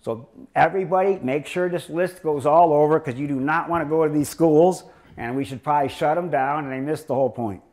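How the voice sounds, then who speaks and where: An older man lecturing as a chiropractor tells rambling stories in a sarcastic, joking way. His voice is on the high side, brisk and a little mellow, suited to a humorous lecture.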